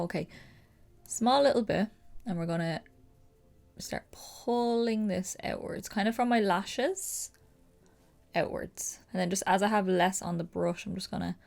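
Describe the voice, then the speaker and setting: A young woman with a Dublin accent, chatting excitedly through a casual makeup tutorial with lots of fillers. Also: mid-range voice, a little slow, vocal fry. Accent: Dublin Irish. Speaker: makeup creator.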